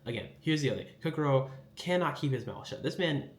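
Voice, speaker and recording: A man's voice: a little high, expressive, fast, reverberant. A man hosting a casual anime recap, rambling with lots of fillers and acting out quotes.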